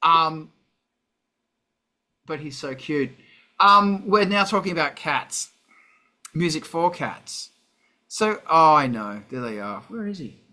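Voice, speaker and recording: A man's voice: on the high side, animated, measured pace, pushed and bright. A man with an Australian accent hosting a casual live stream, rambling and swearing often. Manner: rambling, profane, sidetracked. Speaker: livestream host.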